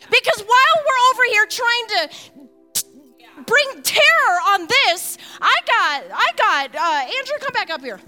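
A woman preaching a passionate sermon, animated, swinging from hushed asides to fired-up peaks. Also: extremely high pitch.

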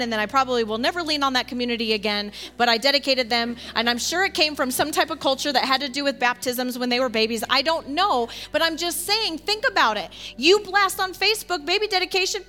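A woman preaches to her congregation in a chatty, animated way, often breaking into little laughs and quick asides. Her voice sits high and sounds bright and sharp. Soft music plays underneath. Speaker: teacher in a congregation. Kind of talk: sermon teaching.

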